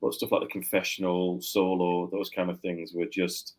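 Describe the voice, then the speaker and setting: Relaxed low-voiced man chatting. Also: moderate pace, rough recording. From Yorkshire. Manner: relaxed, rambling, laughs easily. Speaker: guest author. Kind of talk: casual podcast chat.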